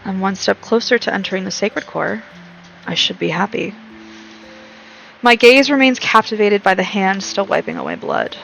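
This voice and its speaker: A woman's voice: medium pitch, sing-song, normal speed, creaky, fairly bright tone, soft background music, poor audio. A young woman streaming a game, reading its text aloud and breaking off into chatty, rambling commentary with frequent laughs.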